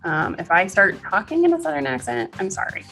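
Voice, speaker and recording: A woman's voice: medium pitch, very animated, a little fast, gravelly, a bit bright. Host: upbeat woman, chatty with lots of ums, faint music underneath. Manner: chatty, upbeat, many fillers. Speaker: podcast host, CPA. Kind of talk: casual podcast hosting.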